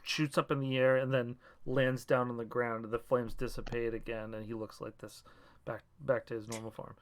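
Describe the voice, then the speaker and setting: A man's voice: medium pitch, little pitch movement, normal speed. A man running a tabletop game as game master, explaining and narrating with frequent hesitations. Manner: hesitant, many ums.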